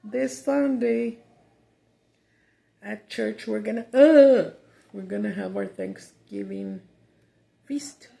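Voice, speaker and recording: A middle-aged woman vents to her viewers, mid-pitched, cussing and switching between Spanish and English. Her voice rings in a roomy, echoey space. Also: sing-song, takes it slowly, creaky, pauses often, warm tone. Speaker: mukbang vlogger. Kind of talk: casual chat while eating. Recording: roomy echo.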